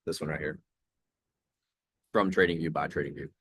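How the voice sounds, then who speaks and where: A relaxed young man with a low, deep voice chats casually while commenting on trades live. His voice is close and dry, with no room sound around it. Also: moderate pace, breathy edge, no room sound. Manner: laid-back, chatty, reads chat aloud. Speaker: trading livestream host.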